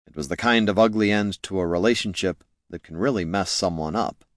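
A man's voice: deep voice, fairly quick, dry recording. A man reading fantasy fiction aloud in scripted audiobook narration, with a dry, wry delivery.

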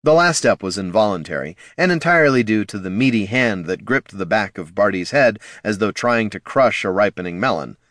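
Low male audiobook narrator, animated delivery, dead dry booth. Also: a little fast, hardly any pauses, no room sound. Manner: lively, expressive reading.

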